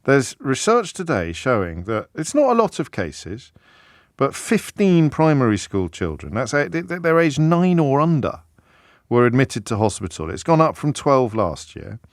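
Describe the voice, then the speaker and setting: A man's voice: mid-range voice, sing-song, normal speed, no echo, clean studio sound. A middle-aged British man hosting a radio phone-in, talking in a wry, conversational way and often restarting his sentences. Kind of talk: talk radio monologue. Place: radio studio. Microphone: close studio mic.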